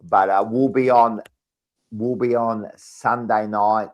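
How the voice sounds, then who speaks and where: A man with an Australian accent co-hosting a casual sports fan show, talking in an excitable, rambling way with many restarts. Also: lowish voice, slow pace, muffled recording. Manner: excitable, rambling, repeats words. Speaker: podcast co-host.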